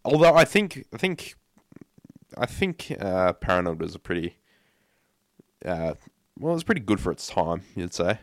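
Young man with a low, dry voice. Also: very animated, moderate pace, pauses often, no echo. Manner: repeats words, stumbles on starts. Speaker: podcast co-host. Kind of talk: casual podcast chat.

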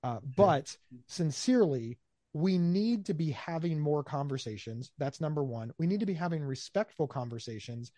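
Animated man talking in a dry room. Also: on the high side, moderate pace, no echo. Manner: animated, acts out quoted voices, repeats words. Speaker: guest, mental health speaker. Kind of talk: conversational interview answers.

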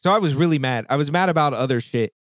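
Man, thirties, podcast host, swearing, ranting, fairly high voice, dry sound. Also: expressive, quick pace, no room sound. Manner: profane, heated ranting storyteller. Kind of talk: casual chat.

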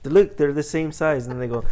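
A young man with a somewhat high voice tells funny stories about his shifts in casual chat. He is playful and jokey and acts out the customers in squeaky voices. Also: mellow. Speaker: store manager.

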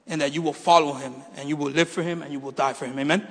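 Man, pastor, high-pitched, animated storytelling, church hall reverb. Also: quick pace. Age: middle-aged. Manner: animated storytelling, jokes with the congregation. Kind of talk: sermon with personal story.

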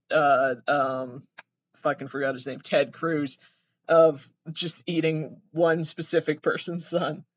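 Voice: medium pitch, dry recording. A young adult comedian rambling casually, swearing freely and giggling often, recorded without an external mic. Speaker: comedian vlogger. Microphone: no external mic, built-in device mic. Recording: dry, dull lo-fi built-in mic.

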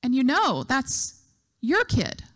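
A woman's voice: sits high, wildly swooping pitch, slow, a bit bright. A middle-aged woman preaching a sermon, telling a story and acting out the voices she quotes.

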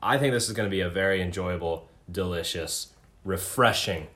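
A man's voice: low voice, normal speed, fairly bright tone. A young man co-hosting a casual podcast, laid-back and given to repeating words as he talks. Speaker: podcast co-host. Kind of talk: casual chat.

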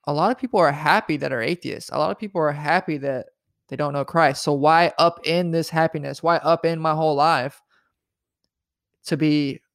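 A man's voice: a little high, moderate pace, gravelly, no echo, clean studio sound. A man co-hosting a podcast, talking earnestly and casually about faith, often tagging thoughts with "right?". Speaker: podcast co-host.

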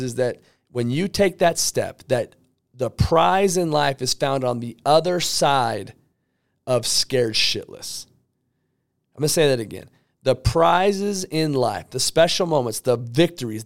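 A man telling a motivational story in a blunt, profane way, with sudden loud bursts. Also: mid-range voice, gravelly, smooth. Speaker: motivational speaker. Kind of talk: energetic storytelling monologue.

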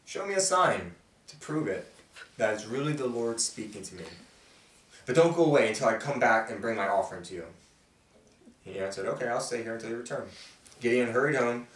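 Man, mid-pitch, conversational Bible study host, animated quote reading; distant mic, roomy sound. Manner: conversational, voices the characters' quotes with feeling. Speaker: host reading and explaining scripture. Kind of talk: casual Bible study teaching.

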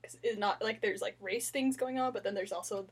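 Giggly, breathy-voiced woman host. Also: medium pitch, a little fast. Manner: giggly, excitable. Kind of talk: casual chat.

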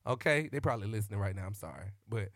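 Lively, bright-voiced man preaching jokes. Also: fairly low pitch, very fast, no echo, studio quality. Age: adult. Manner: animated, shouts and laughs, drawls y'all. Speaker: vlogger. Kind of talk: comic monologue with preacher-style riffs. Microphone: close microphone.

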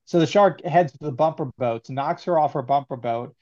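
A man co-hosting a casual movie review podcast, telling scenes in an animated way and laughing often. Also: fairly high pitch, normal speed, muffled recording. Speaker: podcast co-host.

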